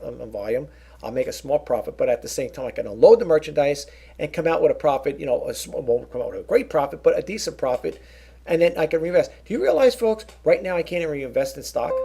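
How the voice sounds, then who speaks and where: A middle-aged man talks to his viewers in a rambling, earnest vlog and keeps doubling back on his sentences. His voice sits a touch high for a man and has a gravelly, raspy edge. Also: a little mellow. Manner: rambling, earnest, with frequent restarts and asides to viewers. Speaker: YouTube vlogger and eBay reseller. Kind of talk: casual vlog monologue.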